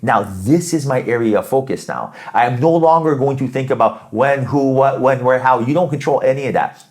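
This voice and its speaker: Man, tarot reader, casual coaching talk, animated, acts out thoughts. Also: mid-range voice. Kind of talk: casual spoken tarot reading.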